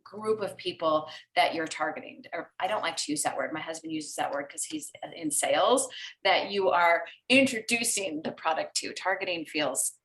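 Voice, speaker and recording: A woman's voice: low voice, expressive, normal speed, fairly bright tone, rough recording. A woman on a video call giving upbeat, practical business advice in a chatty way. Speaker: call participant.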